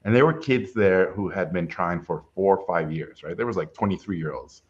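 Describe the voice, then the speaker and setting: A man's voice: low-pitched, moderate pace. A middle-aged man, a film director, telling a personal story in a casual interview and acting out the people in it. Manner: lively storyteller who acts out voices. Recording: dull lo-fi sound.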